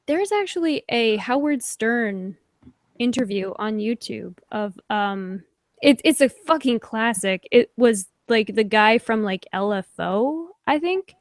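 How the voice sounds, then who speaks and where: A woman hosts a casual online group chat in a fairly high voice. She talks in loose, rambling bursts full of "like" and quick apologies. Her mic sounds dry and close. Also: animated, no echo. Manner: chatty, apologetic, many likes. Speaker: host.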